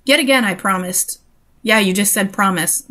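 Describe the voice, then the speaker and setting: A woman's voice: mid-range voice, normal speed, pushed and bright. A young woman reading a story aloud and breaking off for sarcastic, exasperated comments on it. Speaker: reader and commentator.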